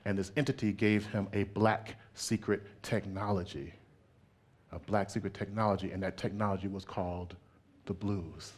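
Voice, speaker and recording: Guy putting on a low slow narrator voice, time-traveling data thief telling old tales. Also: fairly even intonation, slightly rough. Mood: storytelling.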